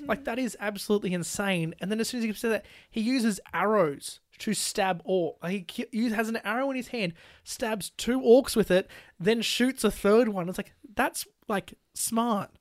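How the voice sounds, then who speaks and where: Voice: medium pitch, normal speed, no echo. Podcast co-host, casual film discussion, filler-heavy, acts out quotes, dry close sound. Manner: animated, full of "like" fillers, laughs while retelling scenes; acts out quoted lines from scenes.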